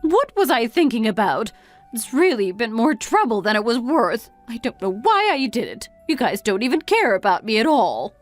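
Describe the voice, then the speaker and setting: A woman's voice: a little high, sing-song, normal speed, soft background music. A woman voicing an exasperated middle-aged mother who scolds her grown son with one reproachful question after another, read as a texting-story voice-over.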